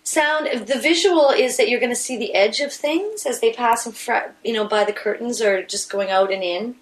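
A woman's voice: fairly high pitch, moderate pace, rough recording. A woman stage actor in a casual interview, recorded inside a house, explaining her ideas thoughtfully with frequent restarts.

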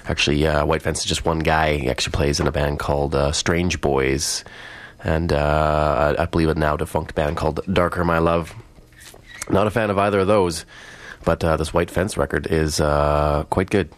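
A man hosting a radio music show in a studio, talking casually in a halting, laid-back way, his voice nasal and stuffy from being a bit sick. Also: a bass voice, fairly even intonation.

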